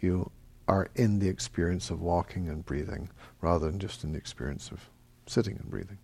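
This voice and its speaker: A middle-aged man teaching a meditation class, answering questions in a relaxed, halting way with many fillers. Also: deep voice, creaky, breathy edge. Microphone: microphone.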